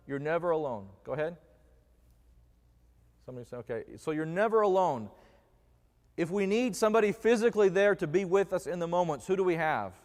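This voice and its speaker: A man with a somewhat high voice preaches in a church sanctuary, his words trailing off in a long hall reverb. He keeps it conversational and jokey, quizzing the congregation as he goes. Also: animated, brisk, darkish tone. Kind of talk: conversational sermon.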